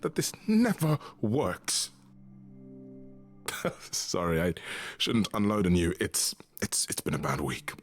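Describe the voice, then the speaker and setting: An actor playing a weary, grieving male god who cares for his suffering mother, speaking in a halting, confiding way. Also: low voice, huge pitch swings, full character voice. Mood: sorrowful. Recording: game audio with faint music.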